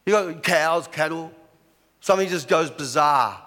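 A man's voice: a little high, a little slow, pushed and bright. A man preaching a sermon as pastor, chatty, with lots of rhetorical questions. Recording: echoey hall.

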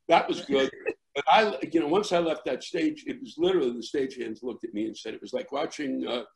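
A middle-aged man, a comedian, telling a rambling story in conversation with many fillers and restarts, acting out shouting crowds. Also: medium pitch, brisk, vocal fry. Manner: animated, acts out shouting crowds. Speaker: comedian guest.

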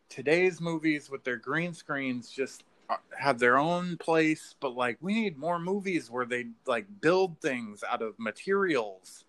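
A man in casual podcast chat, rambling excitedly through a story with lots of filler words and swearing. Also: on the high side. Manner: rambling, profane, filler-heavy, says "like" and "dude".

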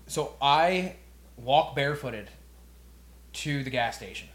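A man's voice: mid-range voice, expressive, a little slow, fairly bright tone. A young man co-hosting a podcast, telling a story in casual chat, acting out the quotes and swearing freely. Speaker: podcast co-host.

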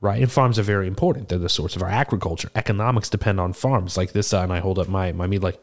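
A man's voice: low-pitched, fast talker. A man playing a seasoned male tortle cleric who tells a tavern tale in a chatty, rambling way, full of fillers and restarts. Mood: animated. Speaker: player character in an improvised tavern scene. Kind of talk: improvised in-character storytelling.

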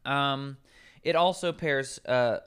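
A man's voice: mid-range voice, takes it slowly, fairly bright tone, smooth. A man, a nutrition coach, explaining herbs in casual podcast conversation, rambling and correcting himself as he goes.

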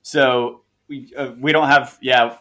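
A man's voice: medium pitch, level tone, slow pace, bright, forceful tone. A young American man from Florida co-hosting a casual podcast chat from his garage, joking and swearing freely. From Florida, United States. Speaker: podcast co-host.

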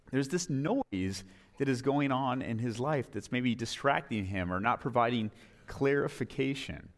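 A man preaching a sermon as pastor, telling stories in an animated way. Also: medium pitch. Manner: animated storytelling, acts out quoted voices.

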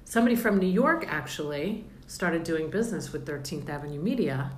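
A woman's voice: low voice, animated, a little fast. A woman hosting a casual podcast interview, bubbly and jokey, laughing often. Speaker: podcast host. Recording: roomy with faint background noise.

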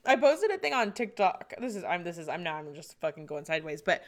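Woman host, 30s, loose solo chat, bright tone, cursing and laughing throughout. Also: mid-range voice, very animated, normal speed, long pauses. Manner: swearing, rambling, laughing often. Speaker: podcast host.

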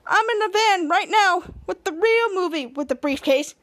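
A smug young male villain who taunts and mocks the heroes, read out by a woman. The voice sits very high and sounds close and dry. It is a quoted line in a casual recap, not a full performance. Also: expressive, moderate pace, a bit bright, no echo. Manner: cocky, mocking.

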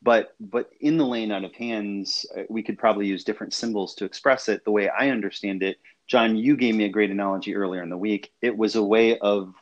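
A man's voice: lowish voice, fairly even intonation, brisk, muffled recording. A man hosting a discussion, talking casually and hesitantly, often repeating words. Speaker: host.

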